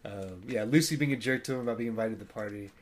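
A man co-hosting a relaxed podcast. He gropes for words with plenty of ums and restarts and lets out small chuckles along the way. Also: on the low side, racing. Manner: hesitant, lots of fillers and restarts, chuckles. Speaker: podcast co-host. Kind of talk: casual chat.

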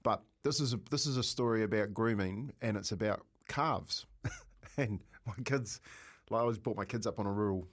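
A middle-aged man with a New Zealand accent, telling a lively story in casual radio chat and laughing as he goes. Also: on the low side, moderate pace. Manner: animated storyteller, laughs often, calls people mate.

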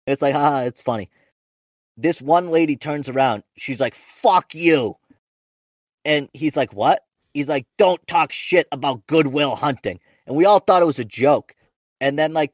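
Studio-quality audio with no room sound captures a medium-pitched young man, a stand-up comic and podcast host. In casual podcast storytelling, he spins profane, meandering anecdotes full of restarts and self-interruptions.

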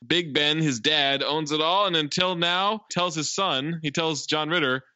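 A man's voice: fairly high pitch, measured pace, hardly any pauses, pushed and bright, dry recording, lo-fi sound. A man co-hosting a podcast, recapping a film's plot in casual chat and quoting its lines. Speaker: podcast co-host.

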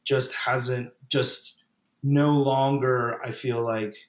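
A man's voice: mid-range voice, steady tone, extremely slow. Reflective man in an echoey room. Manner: reflective, many fillers and self-restarts. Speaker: podcast guest, former pastor. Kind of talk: casual conversational interview.

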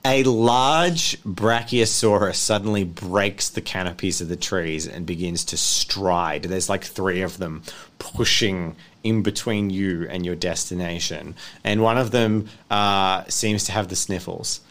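A man's voice: deep voice, a little slow, a bit bright. A young man narrating as game master on a tabletop game stream, chuckling as he goes. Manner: chuckles through his narration.

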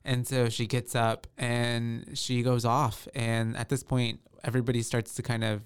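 A man's voice: mid-range voice, level tone, normal speed, smooth. A man co-hosting a podcast, rambling casually through a movie recap with lots of ums and likes. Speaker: podcast co-host.

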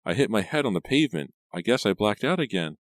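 A man's voice: lowish voice, sing-song, fast talker, dry recording, clean studio sound, voice pushed up. A man voicing a frightened, shaky teenage girl in an audiobook, stammering and fretful.

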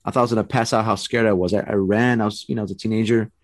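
Low-voiced man telling a ghost story. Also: very fast, no room sound. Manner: animated, rambling, with many restarts and quoted voices. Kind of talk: casual storytelling.

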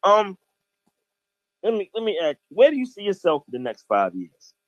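A man's voice: high voice, wildly swooping pitch, moderate pace, dry recording, lo-fi sound. A man hosting a casual interview, asking questions in a slangy, supportive way. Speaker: interview host.

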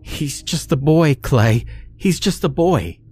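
A man's voice: a little high, expressive, slow, darkish tone, breathy edge, pitched above the performer's own voice, heavily acted. A man voicing a frightened woman who pleads in a panicked, raised voice, in a horror story reading. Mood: frantic.

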